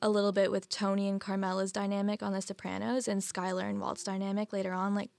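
A woman guest chats on a podcast in a soft, measured voice that sounds like a radio announcer. Her voice has a gravelly creak, and she fills her sentences with "like". The recording is dry and close. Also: mid-range voice, little pitch movement, no room sound. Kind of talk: casual podcast chat.

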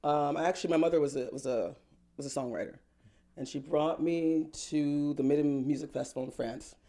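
A woman singer-songwriter telling her story in an interview, lively and laughing often as she acts out what people said. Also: low-pitched, a little fast. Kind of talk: animated personal storytelling.

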